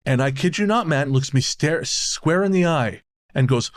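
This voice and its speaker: A man's voice: a little high, lively intonation, a little slow, fairly bright tone. A man from Canada co-hosting a podcast, chatting casually, telling stories with laughs and the odd swear. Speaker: podcast co-host. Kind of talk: casual chat.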